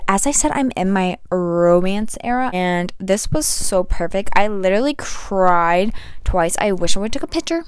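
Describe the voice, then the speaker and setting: A young woman chatting casually as a book vlogger, animated and full of slang and playful asides to her viewers. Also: mid-range voice, measured pace, smooth, no echo. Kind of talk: casual monthly reading wrap-up chat.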